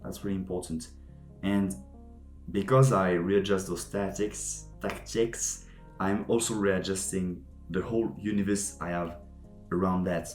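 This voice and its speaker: Low-voiced young man. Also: steady tone, a little slow, darkish tone. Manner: rambling, searching for words, laughs at himself. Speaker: vlogger. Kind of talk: casual reflective monologue to camera. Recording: echoey room with faint music.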